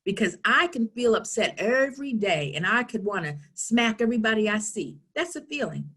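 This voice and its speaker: A middle-aged woman giving a lively conversational talk at a town hall, asking rhetorical questions and acting out past conversations. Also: fairly high pitch, moderate pace, slightly rough. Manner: animated, asks rhetorical questions, acts out dialogues. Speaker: town hall speaker on youth.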